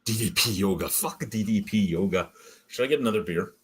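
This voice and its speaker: A man with a low, husky voice tells stories in a loose podcast chat. He is animated and swears freely. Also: a little fast. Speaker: podcast host. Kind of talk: casual chat. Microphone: streaming call setup.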